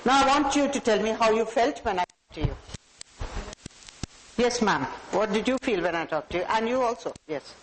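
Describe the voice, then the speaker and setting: A woman's voice: a little high, expressive, moderate pace, slight background noise, low-quality recording. A woman with an Indian English accent giving a motivational talk to a live audience, speaking directly to listeners and calling on them by name. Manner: warm, direct, addresses audience members by name.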